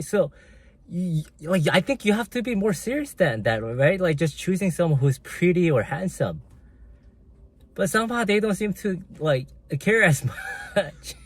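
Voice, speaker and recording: A man's voice: sits high, no echo. A man hosting a casual livestream, chatting with viewers and reading their comments aloud while he eats, laughing often. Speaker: livestream host.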